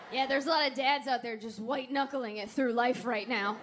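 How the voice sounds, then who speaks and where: A woman in her thirties performing a sarcastic, animated stand-up comedy set and working the crowd on a theater stage. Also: fairly high pitch, unhurried, long pauses, slight background noise. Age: 30s. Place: large theater stage with audience. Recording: live theater recording with crowd laughter.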